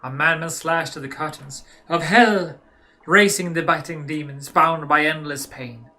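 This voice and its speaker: A weary German head doctor reads out his letter in a stiff, theatrical mock German accent that keeps sliding toward French, as a man puts him on. The voice sits a little higher than the performer's own and sounds bright and forceful. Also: measured pace, heavily acted. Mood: mock-formal. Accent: mock German, drifting toward French.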